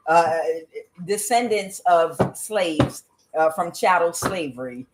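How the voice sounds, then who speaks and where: A woman's voice: on the low side, very animated, slow, very noisy. A woman hosting a tarot channel, talking in a blunt, profane, casual monologue full of fillers and laughs.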